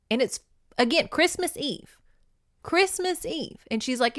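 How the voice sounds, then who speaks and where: A woman hosting a podcast, recapping a movie in an animated, emotional, casual way with some swearing. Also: high voice, unhurried, no echo, clean studio sound. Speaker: podcast host.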